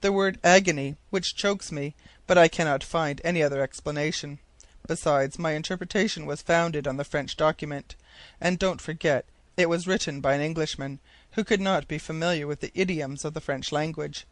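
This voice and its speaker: A man's voice: fairly high pitch, moderate pace, no room sound, close to an everyday voice. A man voicing an eager, talkative male geographer who explains his ideas insistently. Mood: explaining.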